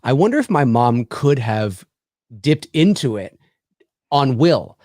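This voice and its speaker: A man's voice: medium pitch, very animated, takes it slowly, mellow, no room sound, clean studio sound. A Canadian man in his forties, hosting a casual chat and rambling through stories with many restarts. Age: 40s. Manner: rambling, many restarts and "you know what I mean". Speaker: podcast host.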